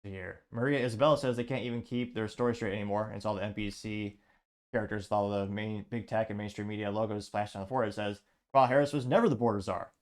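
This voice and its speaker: A man hosting a political commentary show, sarcastic and halting, stumbling over words and restarting. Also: fairly low pitch, steady tone. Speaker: host.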